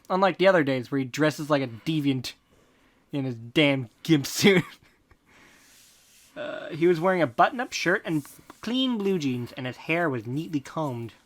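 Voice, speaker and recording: A podcast host reading fan fiction aloud in a deadpan tone, breaking off for snarky comments. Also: medium pitch, moderate pace. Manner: deadpan reading broken by snarky asides and laughter. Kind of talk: comic fanfic reading with asides.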